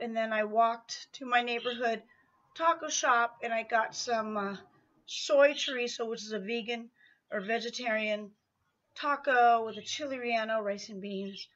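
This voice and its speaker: A woman's voice: on the high side, moderate pace, a bit bright, muffled recording. A woman chatting in a casual vlog update while pedaling an exercise bike at home, slightly out of breath and rambling with many fillers. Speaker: vlogger.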